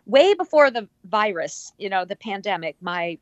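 An empathic healer appears as a guest in a casual interview, a woman with a medium-pitched voice at normal speed in a dry recording. She tells stories animatedly, acting out the voices of people she quotes and laughing often.

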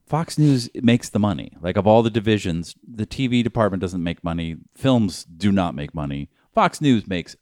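A man from the area chatting casually as a podcast co-host, animated and profane, breaking into high mocking voices when he quotes people. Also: normal speed, hardly any pauses, no room sound, clean studio sound. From Boston area, USA. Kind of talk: casual chat.

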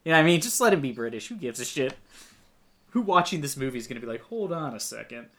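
A man's voice: mid-range voice, sing-song, very fast, sharp tone. A man co-hosting a casual film-review chat, ranting sarcastically and swearing.

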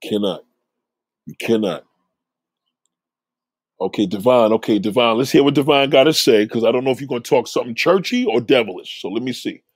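A man's voice: mid-range voice, lively intonation, fairly quick, long pauses, dry recording. A man hosting a livestream, reading chat comments aloud and ranting at them in a preachy, profane, confrontational way.

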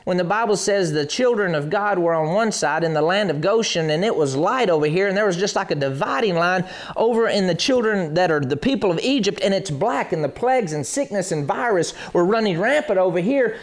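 Male preacher, high and lively, dramatizes scripture for an online congregation. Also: fairly quick, few pauses. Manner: animated, acts out Bible scenes with voices. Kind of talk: streamed sermon.

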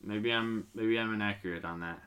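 A young man hosting a casual sports podcast chat. He often hedges and corrects himself, then gets lively when he runs a quiz. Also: lowish voice, fairly quick, clear, resonant tone. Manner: hesitant, self-correcting, then energetic when running a quiz. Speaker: podcast host.

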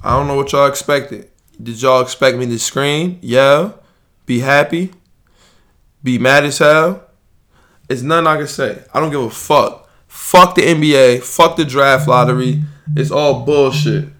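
A man's voice: mid-range voice, a little slow, a bit bright. A man hosting his podcast, ranting in a heated, profane and slangy way. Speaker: podcast host. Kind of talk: live emergency podcast rant.

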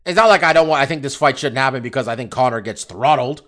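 A man's voice: medium pitch, fast, a bit bright. A man co-hosting a casual sports podcast, ranting animatedly with lots of swearing and laughter. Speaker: podcast co-host.

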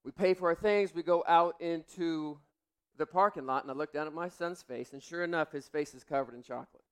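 A man's voice: on the high side, fairly quick, smooth. A man in his forties, a pastor, telling a family story in a sermon and acting out the voices in it.

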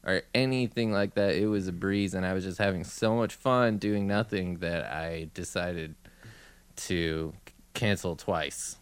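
Male podcast co-host, lowish smooth voice, deadpan sarcasm, dry close sound. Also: a little slow, no echo. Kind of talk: casual comedic podcast chat.

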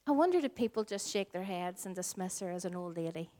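A woman in her forties with a Northern Irish accent, preaching a sermon as pastor, earnest and shifting between slow emphatic lines and soft, hushed phrases. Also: on the low side, fairly even intonation. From Northern Ireland. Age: 40s. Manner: earnest, varies pace, drops to soft whispers for emphasis.

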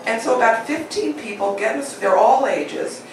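Storyteller, woman, lively and laughing, slightly high voice, far off in an echoey noisy hall. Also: moderate pace. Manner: animated, laughing through the telling. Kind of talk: live storytelling on stage.

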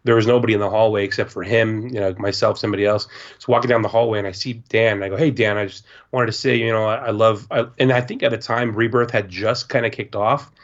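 A man's voice: fairly low pitch, fast, hardly any pauses. A man co-hosting a podcast, telling stories in a loose, rambling casual chat and swearing now and then. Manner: rambling storyteller, swears, does animated voices for others. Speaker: podcast co-host. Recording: slightly dull lo-fi sound.

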